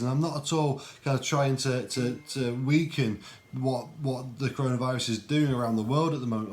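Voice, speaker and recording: A man giving an earnest, reflective devotional talk, with frequent ums and restarts. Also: mid-range voice. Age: adult. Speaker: Christian video host.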